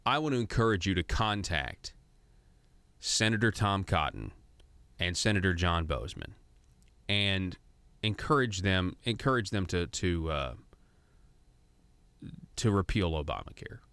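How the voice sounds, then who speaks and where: A man's voice: low-pitched, big pitch swings, measured pace, long pauses, a bit bright, clear, resonant tone, no room sound. A man from Arkansas hosting a political talk radio show, chatty and growing heated and emphatic, in a studio. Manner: conversational, grows heated and emphatic.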